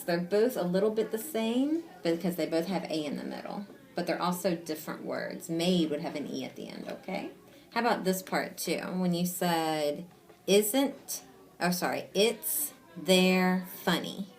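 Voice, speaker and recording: A woman reading teacher giving a one-on-one reading lesson to a child, patient and encouraging, sounding out words slowly and asking guiding questions. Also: lowish voice, darkish tone.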